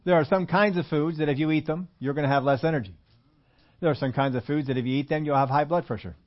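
A man's voice: a little high, quick pace, muffled recording. An older man preaching a sermon in a church, talking in a folksy, conversational way with many repetitions. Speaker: pastor.

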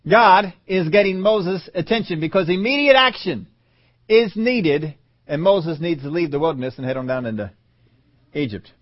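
A man preaching a sermon who acts out voices calling names, swinging from loud calls to soft, low lines. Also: animated, normal speed. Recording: dull lo-fi audio.

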